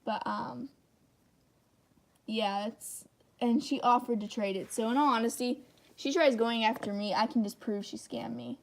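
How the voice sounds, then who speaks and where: A woman's voice: on the high side, a little slow, gravelly, a little hiss or hum. A woman hosting a casual livestream, rambling and thinking aloud while she draws, with many restarts. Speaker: channel host.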